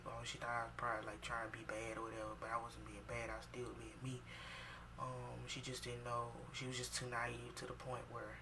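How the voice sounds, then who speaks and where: A woman telling a personal story for her vlog, animated and emphatic, swinging between loud outbursts and hushed asides. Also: very deep voice, recorded from a distance, noisy background. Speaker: vlogger.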